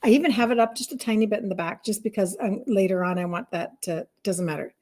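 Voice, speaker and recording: A woman's voice: medium pitch, fairly quick, a little mellow. A middle-aged woman hosting a casual livestream as a health coach, upbeat and fired up, greeting viewers and reading their comments aloud.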